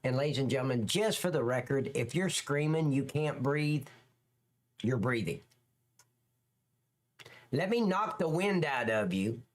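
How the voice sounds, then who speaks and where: A man hosting a livestream, giving blunt, profane, opinionated reaction commentary on police footage. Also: on the high side.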